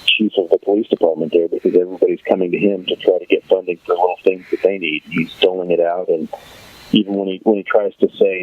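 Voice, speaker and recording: A man's voice: deep voice, flat delivery, quick pace, phone-quality sound. A man hosting a podcast, casually recapping a TV episode, rambling and thinking aloud with many fillers. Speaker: podcast host.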